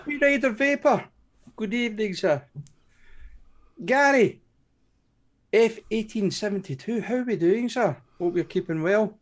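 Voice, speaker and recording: A woman's voice: medium pitch, measured pace, long pauses. A woman co-hosting a live stream in casual, laughing chat, greeting viewers by name and swearing freely. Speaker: co-host.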